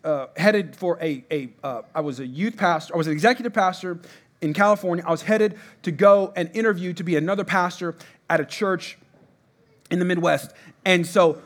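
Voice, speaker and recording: A middle-aged pastor preaches a sermon conversationally, repeating himself and asking the congregation to respond. His voice is high-pitched and fairly bright, with a brisk delivery.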